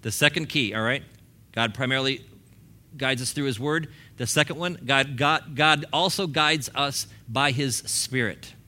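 A man's voice: medium pitch, unhurried, bright, forceful tone. A man in his fifties, a pastor preaching a sermon in a church in a casual, conversational way, acting out little quoted exchanges. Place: church sanctuary.

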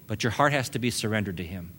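A man's voice: on the low side, expressive, fast talker, a bit bright, husky. A male pastor preaching a sermon, building emphasis with casual asides to the congregation.

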